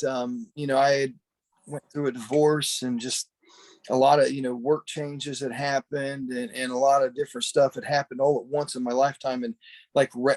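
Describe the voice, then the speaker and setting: Medium-pitched with a darkish tone, a one-time pro wrestler speaks over a video call camera as a podcast guest. His casual memorial reminiscing is talkative and rambling, packed with restarts and "you know."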